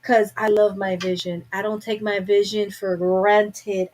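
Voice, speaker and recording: Streaming live from home, this young woman chats casually and candidly with her viewers via a webcam mic, rambling and talking to herself. Her mid-range voice is level and darkish in tone, a little slow, and the recording quality is low.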